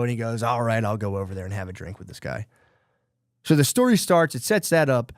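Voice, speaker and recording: A man's voice: medium pitch, a little mellow, smooth, no room sound, clean studio sound. A man co-hosting a podcast, casually retelling a book's plot in a rambling, profane way full of fillers and quoted lines. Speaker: podcast co-host.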